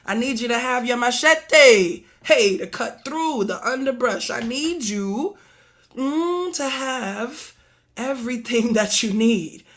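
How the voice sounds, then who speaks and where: Leading a prayer service in a slow, expressive way, a Harlem, New York woman preaches in rhythmic call-and-response, with repeated exhortations, chanted prayers and song. Her voice is fairly high and fairly bright, with a slight hoarseness.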